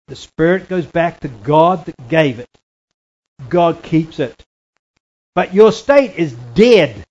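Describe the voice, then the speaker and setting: A man teaching a Bible lesson from slides, deliberate and repetitive, often checking in with "right?". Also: on the high side, highs cut off. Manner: deliberate, repeats key phrases, checks in with "right?".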